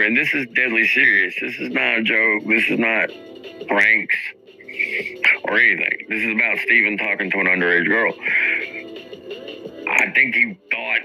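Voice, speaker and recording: A man's voice: mid-range voice, pushed and bright, poor audio. A man hosting a livestream, ranting heatedly and profanely while he talks straight to his chat. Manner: profane, indignant, addresses chat directly. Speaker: livestream host.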